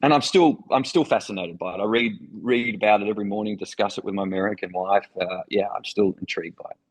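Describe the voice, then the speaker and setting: A man's voice: on the low side, quick pace, breathy edge, low-quality recording. A middle-aged man from Australia with an Australian accent, a former foreign correspondent telling vivid stories with enthusiasm in an interview. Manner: enthusiastic, vivid anecdotal storytelling. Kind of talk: storytelling interview.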